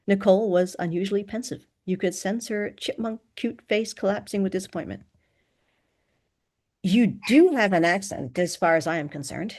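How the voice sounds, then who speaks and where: A woman narrating a first-person novel in an even, measured reading voice. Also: mid-range voice. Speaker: audiobook narrator.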